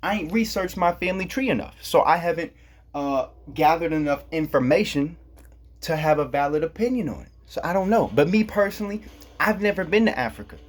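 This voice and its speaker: Husky-voiced man ranting casually. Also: a little high, lively intonation, fairly quick. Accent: Black American English. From Kansas, USA. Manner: rambling, profane, laughs at his own jokes. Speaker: vlogger. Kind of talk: casual monologue.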